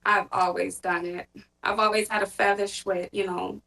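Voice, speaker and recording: A woman's voice: medium pitch, little pitch movement, moderate pace, vocal fry, a bit bright, low-quality recording. A woman playing a passenger who robbed a jewelry store and coyly denies it. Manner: coy, denies everything.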